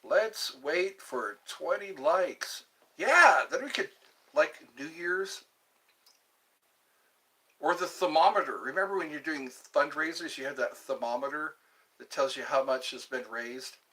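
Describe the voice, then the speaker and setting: A man in his fifties hosts a live stream, reading viewer comments aloud and answering them playfully with jokes. His voice is a little high, pushed, bright and husky, his pace measured, and the recording rough.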